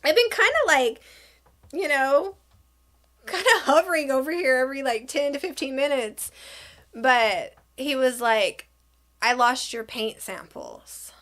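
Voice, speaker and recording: A woman's voice: high-pitched, unhurried. Chatty woman telling a storytime. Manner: chatty, animated, acts out quotes. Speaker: vlogger. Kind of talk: casual storytime chat.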